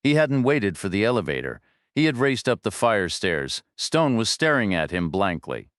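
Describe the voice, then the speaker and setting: Male audiobook narrator, low voice, dry close studio sound. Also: big pitch swings, moderate pace, fairly bright tone, no echo. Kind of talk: scripted thriller narration.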